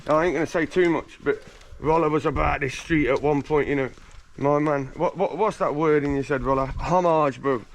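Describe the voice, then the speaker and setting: A man's voice: a little high, steady tone, moderate pace. Slangy, swearing man from England. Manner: slangy, swearing, boastful storyteller. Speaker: interviewee. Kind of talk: casual street interview. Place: outdoors on a residential street.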